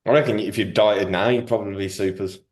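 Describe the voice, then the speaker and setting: A man's voice: on the low side, steady tone, quick pace. A man hosting a podcast, chatting casually with lots of slang and banter. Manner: banter-heavy, slangy, joking. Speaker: podcast host. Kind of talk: casual chat.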